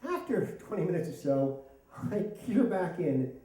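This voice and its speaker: A middle-aged man tells a funny story on stage, his pitch leaping all over and his tone warm and mellow. He mocks himself as he goes. The hall rings with a heavy echo, and he sounds far from the mic. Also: normal speed. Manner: animated, self-mocking, laughing through lines. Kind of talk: live comic storytelling.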